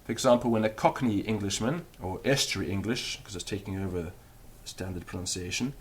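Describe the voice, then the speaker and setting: A man with a fairly low voice teaches a recorded beginner language lesson. He explains each point patiently, step by step, and stops to demonstrate the sounds himself. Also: brisk, husky.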